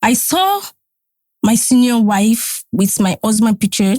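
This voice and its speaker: Nigerian woman, podcast guest, animated storytelling, fairly high voice, dry close sound. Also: unhurried, no echo. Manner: animated, mixing Pidgin and Yoruba. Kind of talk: casual storytelling. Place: podcast studio.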